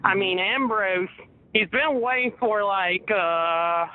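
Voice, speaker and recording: Slow-talking male caller on a tinny line. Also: sits high, no echo. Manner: slow and halting, lots of filler. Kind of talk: casual chat over a call line. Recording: tinny dry phone line.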